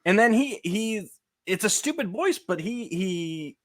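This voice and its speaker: Male podcast co-host, casual chat, lively rising and falling pitch, laughs easily, trips over his words. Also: a little slow. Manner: animated, laughs often, stumbles and restarts.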